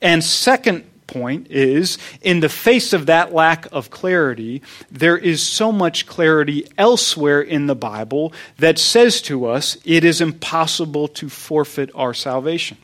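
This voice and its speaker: A man's voice: fairly high pitch, animated, a little slow, few pauses, fairly bright tone. A man preaching a sermon, teaching earnestly and repeating key points for emphasis. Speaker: pastor.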